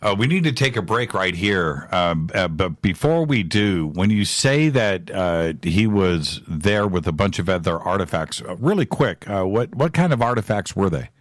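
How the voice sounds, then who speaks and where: Deep-voiced male talk show host. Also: sing-song, dry recording, studio quality. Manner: affirming with repeated "right, right", halting restarts. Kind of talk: radio talk show interview.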